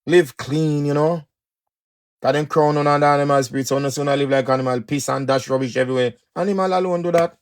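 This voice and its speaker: Male speaker, Jamaican Patois, gravelly voice, preachy motivational monologue, emphatic and repetitive. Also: on the high side, fairly even intonation, a little fast. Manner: emphatic, repetitive, swings loud and soft.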